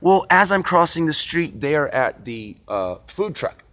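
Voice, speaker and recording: A man's voice: a little high, unhurried. Rambling, profane comic storyteller man. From Encino, California. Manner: animated, profane, digressive. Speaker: vlogger. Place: outdoors on a city street.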